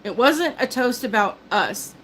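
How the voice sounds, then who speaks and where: A woman's voice: a little high, expressive, unhurried, a bit bright, a little hiss or hum, low-quality recording. An older woman hosting a live stream, chatting casually and rambling with lots of restarts; she calls herself a big talker. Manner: chatty, self-described talker, many restarts.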